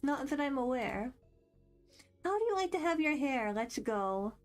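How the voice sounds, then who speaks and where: A woman's voice: sits high, sing-song, measured pace. A young woman streaming, chatting casually and rambling as she reads quiz questions aloud with a bubbly, self-deprecating manner. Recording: faint background music.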